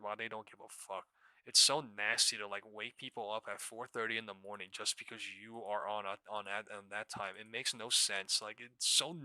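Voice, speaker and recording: A young man hosting a live trading stream, ranting in a profane, exasperated way with sudden bursts of loudness. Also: on the low side, steady tone, moderate pace, clear, resonant tone, no room sound. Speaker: stock trading livestream host.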